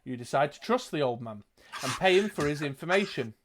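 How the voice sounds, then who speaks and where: A man's voice: on the high side, lively intonation, fairly quick, a little hiss or hum. A man reading a gamebook aloud as game master, with chatty asides. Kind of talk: narrating a gamebook playthrough.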